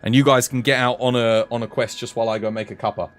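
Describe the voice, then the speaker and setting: A British man streaming a game, chatting in a relaxed way with his viewers while tired and dry in the throat. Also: medium pitch, quick pace. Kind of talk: live game stream commentary.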